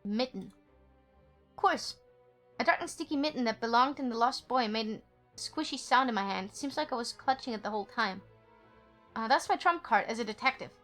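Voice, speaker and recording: Giggly, high-voiced woman streamer. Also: animated, brisk, fairly bright tone, faint music behind. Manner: playful, giggly, jokes with chat. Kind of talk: game stream, reading story text and chatting.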